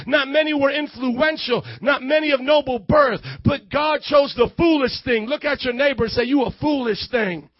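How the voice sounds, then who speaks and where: A man preaching a lively sermon, shouting and calling on the crowd to repeat after him. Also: very high-pitched, dry recording, dull audio. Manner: shouting, preaching with call-and-response. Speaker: youth pastor.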